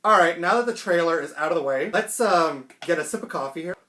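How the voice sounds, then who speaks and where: A man chatting excitedly and swearing casually through a home unboxing vlog. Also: fairly high pitch, fairly quick. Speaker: toy collector vlogger. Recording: roomy echo, faint background music.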